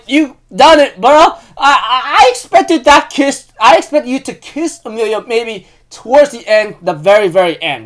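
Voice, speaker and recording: A man giving a casual recap of an anime episode, excitable and rambling, with lots of "you know" fillers. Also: sits high.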